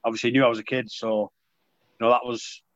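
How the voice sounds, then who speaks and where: A young man, chatting in an interview about playing rugby league, with a relaxed, self-deprecating manner and lots of restarts. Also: medium pitch, fast, dry recording, highs cut off. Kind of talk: casual interview chat.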